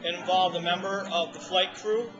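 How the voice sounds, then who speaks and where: A man with a fairly high voice tells his story over dinner, animated and acting out the people he quotes. The audio is dull and lo-fi, and loud restaurant music plays behind him. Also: moderate pace. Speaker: former ambulance responder telling his story. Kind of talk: casual storytelling to a small group.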